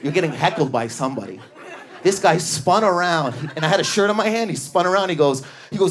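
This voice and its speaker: A man's voice: sits high, animated, brisk. Frantic, neurotic man doing stand-up. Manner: frantic, neurotic, self-mocking storytelling. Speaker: stand-up comedian. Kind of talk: stand-up comedy set. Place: comedy club stage. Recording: live club recording with audience laughter. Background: audience laughter.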